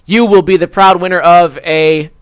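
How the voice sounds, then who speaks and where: A man's voice: high voice, steady tone, moderate pace, smooth, no room sound. A young man hosting a podcast, ranting comically about food in a profane, exaggerated way, with lots of fillers. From Las Vegas. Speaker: podcast host. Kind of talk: casual comedic rant.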